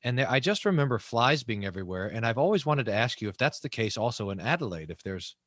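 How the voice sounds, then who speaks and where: A man, a pastor, hosting a long-form interview, speaking with enthusiasm and many halting restarts. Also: mid-range voice, very animated, fairly bright tone, dry recording, clean studio sound. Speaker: pastor and host.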